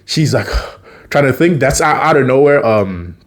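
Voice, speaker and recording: A man's voice: medium pitch, animated, normal speed. A man casually retelling a TV episode, chatty, laughing often and acting out the characters' lines. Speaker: TV episode recapper.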